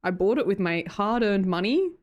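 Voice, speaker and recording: A woman's voice: medium pitch, lively intonation, moderate pace, a little mellow. An Australian woman chatting casually and rambling with her live viewers from her home streaming room, laughing often. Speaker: livestreamer.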